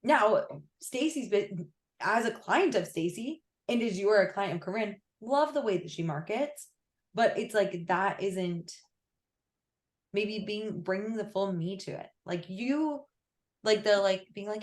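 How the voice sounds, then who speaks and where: A woman's voice: medium pitch, expressive, a little slow. A young woman coaching a client on a call, chatty and full of fillers. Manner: chatty, filler-heavy, lots of "like". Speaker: business coach.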